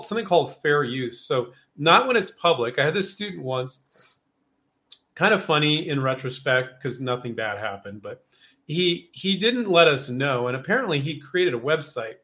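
A man with a slightly raised pitch hosts a live viewer Q&A. He talks loosely and off the cuff, with plenty of ums and false starts. Now and then he drops into little acted-out quotes of himself and others. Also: fairly bright tone. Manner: loose and chatty, acts out quotes, many fillers. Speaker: host answering viewer questions. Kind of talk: casual live Q&A.

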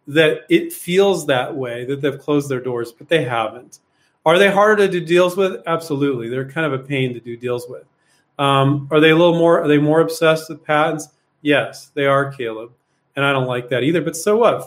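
A man hosting a live Q&A, answering viewers' questions in a blunt, rambling way with plenty of fillers and rhetorical questions. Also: mid-range voice. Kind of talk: casual live Q&A coaching.

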